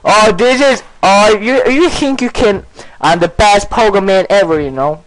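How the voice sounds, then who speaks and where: A man giving let's-play commentary, excitable and playful, bursting into shouts and giggles in broken English. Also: sits high, a little slow, low-quality recording. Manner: broken, ungrammatical English phrasing. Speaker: gaming commentator.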